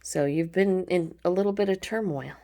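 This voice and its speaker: Low, gravelly woman tarot reader; relaxed, chatty, affectionate delivery. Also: moderate pace. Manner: chatty, informal, frequent ums, affectionate terms. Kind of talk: casual pick-a-card tarot reading.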